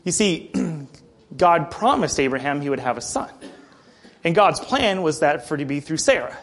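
A male preacher giving a sermon in a conversational storytelling way, often clearing his throat. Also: on the high side, expressive, normal speed, a bit bright. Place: church building.

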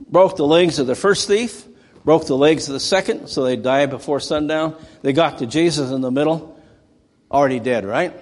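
A man's voice: on the high side, normal speed, a little mellow, big-room sound. A male preacher giving a sermon, telling stories conversationally and rising into dramatic outbursts. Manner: conversational storytelling with dramatic bursts.

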